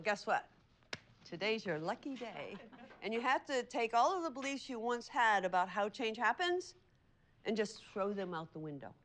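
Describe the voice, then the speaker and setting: A woman organizer coaching a group of activists in an energetic, encouraging way. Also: mid-range voice, a little hiss or hum. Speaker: community organizer.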